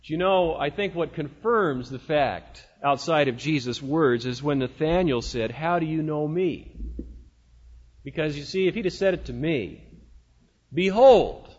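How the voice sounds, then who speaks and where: A man's voice: on the high side, expressive, normal speed, few pauses, slightly rough. A man preaching a sermon as pastor, in a folksy, conversational way with rhetorical asides to the congregation. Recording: dull lo-fi sound in a reverberant hall.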